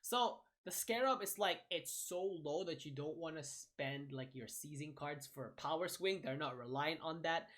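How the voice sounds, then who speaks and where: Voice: mid-range voice, moderate pace, hardly any pauses, a bit bright. Rambling young gamer ranking cards. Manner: rambling, self-correcting, hedging. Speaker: gaming video creator. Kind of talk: casual card-ranking commentary.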